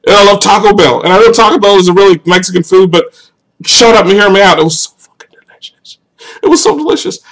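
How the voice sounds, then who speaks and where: Animated joking American man on a live stream. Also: quick pace, low-quality recording. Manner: animated, joking, swings to high exclamations and laughs often. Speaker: YouTuber answering viewer questions on a live stream.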